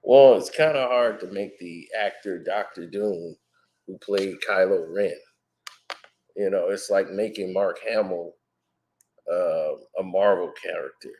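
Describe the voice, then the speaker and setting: A man giving casual, rambling commentary as a movie trailer reviewer, speculating out loud with plenty of fillers. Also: deep voice, a little slow.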